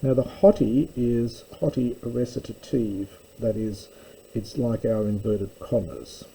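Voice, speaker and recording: A man teaching a slow verse-by-verse Greek lesson, explaining word by word with pauses and fillers. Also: medium pitch, gravelly, dark tone, a little hiss or hum, low-quality recording.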